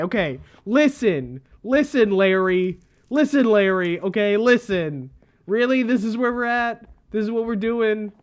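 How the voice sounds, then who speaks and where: A man's voice: high voice, normal speed. Exasperated young man ranting over a game. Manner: exasperated rambling, often bursting into loud indignant yelling; repeats phrases, talks to viewers. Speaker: gamer, channel host. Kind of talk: let's play commentary.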